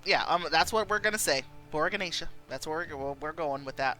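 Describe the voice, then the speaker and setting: A woman's voice: low voice, brisk, few pauses, sharp tone, soft background music. A woman streamer reading a story game aloud and chatting with viewers, with frequent giggles.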